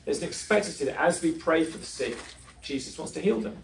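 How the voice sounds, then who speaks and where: With a gravelly, high-leaning voice, lively intonation and a fairly quick pace, a conference speaker preaches live, trading self-deprecating stories for audience questions. The sound is roomy, coming from a distant mic with faint noise.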